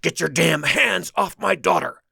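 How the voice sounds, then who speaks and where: A man voicing an angry, protective father, a former soldier who shouts at the people around him. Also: fairly high pitch, expressive, moderate pace, gravelly, no echo, clean studio sound, pitched above the performer's own voice, full character voice. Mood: furious. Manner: furious, shouting.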